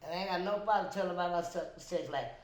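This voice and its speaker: A woman's voice: fairly low pitch, fast. A woman, a guest in casual chat, talking bluntly and brashly with no filter. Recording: echoey room with background noise.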